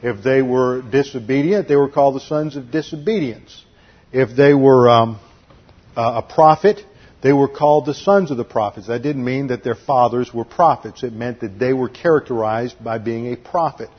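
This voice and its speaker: A man's voice: mid-range voice, moderate pace, breathy edge, highs cut off. A man teaching a methodical expository sermon, listing numbered points and spelling out words. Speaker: Bible teacher.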